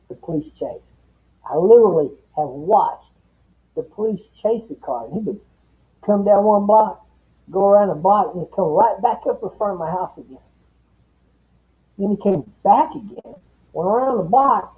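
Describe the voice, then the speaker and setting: High, lively rambling man on lo-fi stream. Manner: rambling, profane, opinionated. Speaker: livestream host. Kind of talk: casual late-night chat. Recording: dull lo-fi stream audio.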